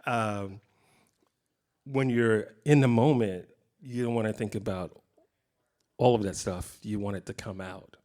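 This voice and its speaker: A middle-aged man giving a casual guitar clinic in a guitar shop, talking in a relaxed, rambling way with many fillers. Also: lowish voice, a little slow, pauses often. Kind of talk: casual teaching talk. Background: guitar playing.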